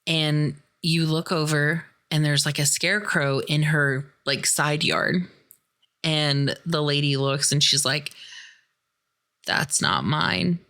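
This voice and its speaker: A woman hosting a podcast, casually recapping a horror film in an animated way and swearing freely. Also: low-pitched, slow pace, clean tone. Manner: animated, profane retelling. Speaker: podcast host.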